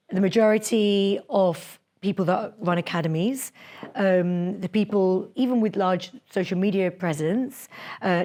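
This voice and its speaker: A young adult woman with a mid-range voice hosts a live public speaking workshop in a lecture room. Her delivery is lively and conversational, punctuated by frequent laughs.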